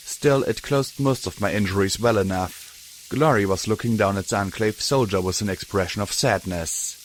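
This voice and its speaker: A man's voice: fairly low pitch, moderate pace, slight background noise. A man narrating a fan fiction audiobook in the first person.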